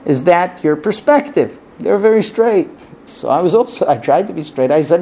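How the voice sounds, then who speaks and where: A rabbi lecturing on marriage, acting out bickering spouses and quoting Hebrew phrases before translating them. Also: male voice, high-pitched, moderate pace, creaky, husky. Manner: animated, acts out squabbling spouses in quoted dialogue. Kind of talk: spoken lecture.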